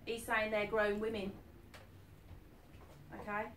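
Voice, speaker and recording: A woman's voice: medium pitch, completely flat delivery, takes it slowly, a bit bright. Chatty woman medium, echoey hall. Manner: chatty, keeps asking "are you with me?". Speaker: psychic medium. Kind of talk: live reading to an audience. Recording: echoey room, distant mic, faint noise.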